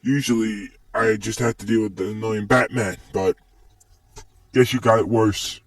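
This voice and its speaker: A man's voice: on the low side, steady tone, normal speed, dry recording, recorded from a distance, natural voice. A man reading the lines of a playful, brash young woman in his own voice, casual and teasing.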